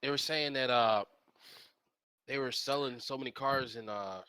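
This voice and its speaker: A man's voice: medium pitch, moderate pace, sharp tone, smooth, dry recording. A man in a casual market chat, loose and hesitant, with fillers and lost words.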